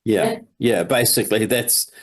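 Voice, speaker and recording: A man's voice: on the low side, measured pace. Earnest male talk show guest. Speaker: guest commentator.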